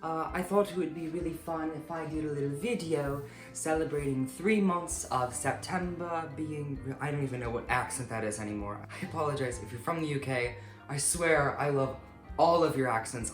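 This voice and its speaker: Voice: medium pitch, moderate pace, soft background music. A singer-songwriter chatting casually and upbeat about making an album, with a self-mocking streak. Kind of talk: casual behind-the-scenes chat. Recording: roomy echo.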